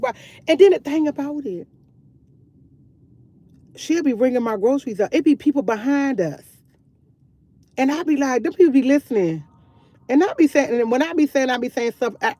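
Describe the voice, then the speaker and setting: A talkative woman, speaking in a somewhat high voice. She chats candidly and loosely on a phone live stream from outdoors, circling back to the same points. The sound is dry and close, with little room around it. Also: darkish tone, no echo. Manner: candid, talkative, repeats herself. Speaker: vlogger live-streaming to chat. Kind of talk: casual live-stream chat.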